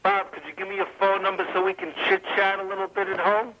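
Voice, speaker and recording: A man calls in and taunts the host with repetitive sing-song questions. His voice is high, and clear background noise runs under the phone line. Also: completely flat delivery, fast. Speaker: caller.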